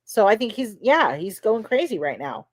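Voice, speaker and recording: A woman retelling court testimony in a loose, chatty way, often using "like" and "you know" as she goes. Her voice sits at a medium pitch and sounds dry and close, with no room echo. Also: sing-song, moderate pace. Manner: conversational, many fillers like "you know". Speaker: podcast host. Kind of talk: casual recap of trial testimony.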